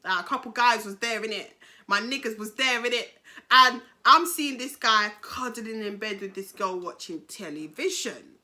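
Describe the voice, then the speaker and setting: A young woman with a British accent tells a personal story in a casual storytime vlog, animated, slangy and full of swearing. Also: a little high, moderate pace. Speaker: YouTuber telling a story.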